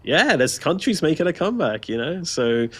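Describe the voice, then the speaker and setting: A man's voice: a little high, very animated, normal speed, fairly bright tone, slightly rough. A man co-hosting a casual gameplay livestream, chatting, laughing often and reading out viewer comments. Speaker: stream co-host.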